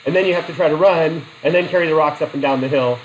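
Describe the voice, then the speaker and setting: A man's voice: on the high side, fast talker, muffled recording, slight background noise. A middle-aged man teaching a psychology class in a chatty way, asking the students questions and telling personal stories. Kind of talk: classroom lecture.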